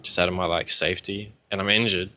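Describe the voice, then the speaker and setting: A man's voice: deep voice, level tone, quick pace, bright, forceful tone, a little hiss or hum. A young man telling his own story in a casual, rambling way, candid, with lots of fillers and swearing.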